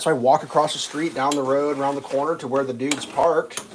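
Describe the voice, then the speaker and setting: A man's voice: a little high, quick pace. A man hosting a live stream, casually telling a long, exasperated story in a rambling, profane way. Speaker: livestream host.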